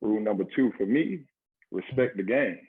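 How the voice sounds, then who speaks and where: A man's voice: on the low side, expressive, normal speed, breathy edge, phone-quality sound. A man co-hosting a casual chat, chiming in with short affirmations and laying out his own rules. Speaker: podcast co-host.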